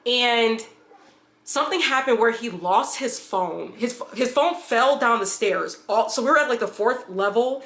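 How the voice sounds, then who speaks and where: Bright-voiced woman rambling through a storytime. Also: a little high, expressive, unhurried, echoey room. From upstate New York. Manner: rambling with restarts and asides. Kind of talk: casual storytime.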